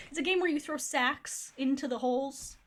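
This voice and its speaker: Chatty young woman streamer, slightly high. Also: measured pace, a bit bright. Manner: candid, chatty, swears freely, many "like" fillers. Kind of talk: casual storytelling.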